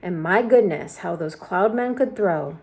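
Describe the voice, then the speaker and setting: A woman reading a children's book aloud with expressive storytelling narration. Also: on the low side, measured pace. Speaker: storybook reader.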